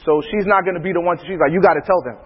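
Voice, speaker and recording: A man who is a preacher, telling funny family stories in a laughing, animated way. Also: high-pitched, very fast, husky, long reverb tail, lo-fi sound. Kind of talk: storytelling in casual talk.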